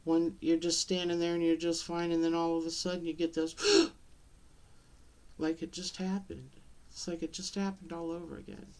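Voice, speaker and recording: Halting, tearful middle-aged woman. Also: fairly low pitch, flat delivery, a little mellow. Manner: halting, tearful, with many pauses and restarts. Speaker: vlogger. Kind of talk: personal talk to camera.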